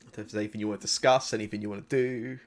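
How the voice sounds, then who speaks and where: A man's voice: on the low side, steady tone, rapid-fire. A man narrating a tabletop game as game master, loose and hesitant with many fillers.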